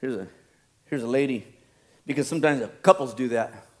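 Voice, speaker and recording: A man's voice: mid-range voice, moderate pace, a little mellow. A man preaching a sermon as a pastor, telling stories with laughter and acting out other people's voices.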